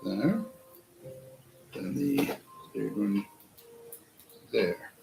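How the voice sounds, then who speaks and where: A man's voice: lowish voice, expressive, extremely slow, vocal fry, warm tone, faint music behind, poor audio. A man hosting a casual build-along vlog, chatting to himself and laughing through his stories. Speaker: vlog host building a model kit.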